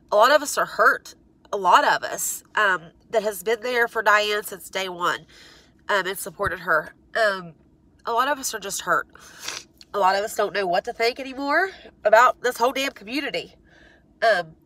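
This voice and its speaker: A woman's voice: mid-range voice, bright, forceful tone. A woman ranting to her viewers in a casual vlog, congested and stuffed up, rambling with many "um"s and restarts, frank and exasperated. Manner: exasperated, pleading. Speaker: vlogger. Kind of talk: casual rant to camera.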